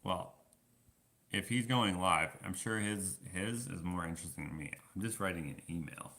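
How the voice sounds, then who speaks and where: Low gravelly-voiced man chatting casually. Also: moderate pace, sharp tone. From Canada. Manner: rambling, self-deprecating, laughs often. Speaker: vlogger answering live chat. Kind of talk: casual live-stream chat.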